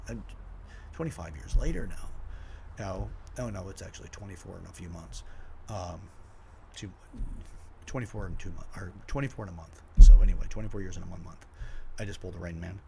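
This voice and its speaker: Male podcast host, 40s, fairly low voice, animated storyteller who acts out quotes; faint room noise. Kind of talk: personal storytelling monologue.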